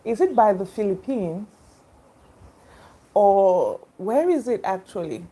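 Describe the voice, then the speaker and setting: Slow, rambling woman hosting a livestream. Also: mid-range voice, animated, warm tone, a little hiss or hum. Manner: rambling, hesitant, many fillers and laughs. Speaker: livestream host. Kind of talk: casual live-stream chat greeting viewers.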